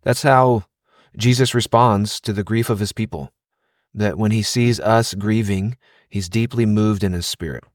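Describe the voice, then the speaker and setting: A thoughtful man co-hosts a Christian podcast and quotes scripture in a measured way. His voice is lower than most men's. The sound is dry and close-miked. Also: dry recording. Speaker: podcast co-host.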